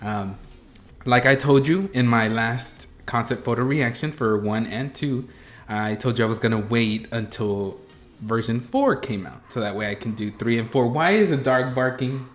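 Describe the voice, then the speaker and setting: A young man hosting a reaction vlog, chatting casually with self-mocking rambles and quick jumps in energy. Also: mid-range voice. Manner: animated, self-mocking, rambling with bursts of laughter. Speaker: YouTube reaction host.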